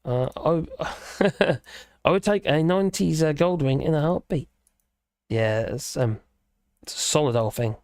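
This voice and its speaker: A man hosts a casual live stream, rambling from topic to topic as he reacts to viewers' comments. His voice sits a little high for a man. The sound is dry and close, with no room echo. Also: unhurried, pauses often, a little mellow. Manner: chatty, rambling, reacts to chat comments with chuckles. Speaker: livestream host.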